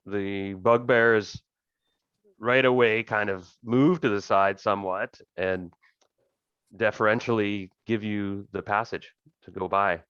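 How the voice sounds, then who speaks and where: A man with a very low voice runs a tabletop game as game master, narrating in a relaxed, rambling way. The sound is dry and dull, like a computer mic on an online call. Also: slow pace, clean tone, no room sound.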